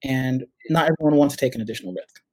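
A man's voice: medium pitch, fast, no room sound, poor audio. A middle-aged man with a New York accent, a startup CEO and guest, telling stories in casual conversation and acting out what others said. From United States. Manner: animated storyteller, acts out quoted voices.

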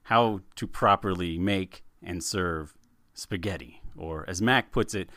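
A man co-hosting a podcast in casual chat, animated and laughing, often repeating words as he starts a sentence. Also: sits low, unhurried, no room sound, studio quality. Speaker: podcast co-host.

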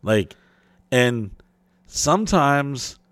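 A man's voice: mid-range voice, sing-song, very slow, fairly bright tone, dry recording. A man hosting a podcast, telling rambling, profane stories in casual chat and acting out the people in them. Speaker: podcast host.

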